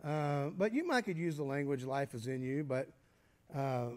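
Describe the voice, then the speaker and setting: A man preaching a teaching sermon, explaining step by step and often pausing with fillers and restarts. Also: mid-range voice, lively intonation, a little mellow. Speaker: pastor.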